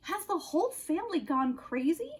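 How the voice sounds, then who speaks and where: A woman's voice: extremely high pitch, very animated, moderate pace. A woman voicing a curious young male pet lizard in a storybook reading, asking wide-eyed questions. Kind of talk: storybook read-aloud.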